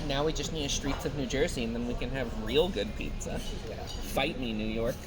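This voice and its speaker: Woman, playful teasing banter, loud road noise behind. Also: very deep voice, quick pace. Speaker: vlogger's partner. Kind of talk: casual banter.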